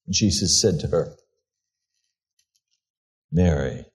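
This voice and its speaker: A pastor preaching a sermon, reading scripture and retelling it in a slow, earnest storytelling way. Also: male voice, mid-range voice, animated, darkish tone.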